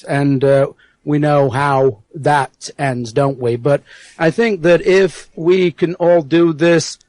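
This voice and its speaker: English-born man, Yorkshire twang worn by American years, earnest guest who pauses often, dry close recording. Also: fairly high pitch, darkish tone, no echo, rough recording. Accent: Yorkshire mixed with American. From England. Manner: earnest, halting, many fillers. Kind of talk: casual interview.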